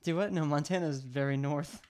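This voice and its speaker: A man's voice: on the high side, normal speed, darkish tone. A man from Louisiana hosting a casual livestream, joking and laughing often as he chats with a guest. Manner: jokey, laughs often, playful banter. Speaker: livestream host.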